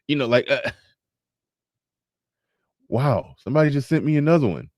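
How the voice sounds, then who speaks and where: A man's voice: mid-range voice, expressive, moderate pace, a little mellow, no room sound, studio quality. A man hosting a live show, commenting in a chatty, wry way and reading pages aloud. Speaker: podcast host.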